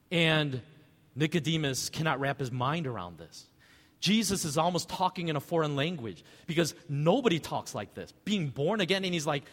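A man preaching a sermon as pastor, conversational and animated, asking rhetorical questions. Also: fairly high pitch, moderate pace, big-room sound.

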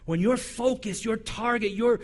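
A male pastor preaching a sermon in a conversational, humorous way, animated and acting out the voices he quotes. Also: sits high, a little slow.

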